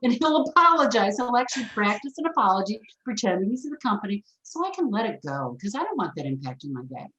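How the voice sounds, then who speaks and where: Woman guest, frank, animated storyteller, mid-pitched, roomy echo. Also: fast talker, hardly any pauses. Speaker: forgiveness expert guest. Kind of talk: storytelling in a podcast interview.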